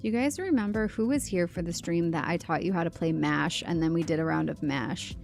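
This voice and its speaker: A woman's voice: fairly low pitch, a little fast, creaky, darkish tone, soft background music. A woman livestreaming a game, chatting in a rambling, chatty way with lots of fillers. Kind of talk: casual livestream chat while gaming.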